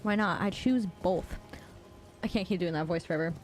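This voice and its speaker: A woman's voice: lowish voice, normal speed, slight background noise. A woman streamer chatting casually while gaming, rambling with lots of "like" and swearing freely. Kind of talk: casual gaming livestream chat.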